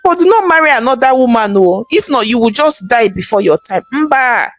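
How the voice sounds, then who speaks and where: A woman with a Nigerian accent voicing a distraught older mother-in-law who pleads and wails in high, quick bursts. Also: animated, no room sound. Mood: pleading.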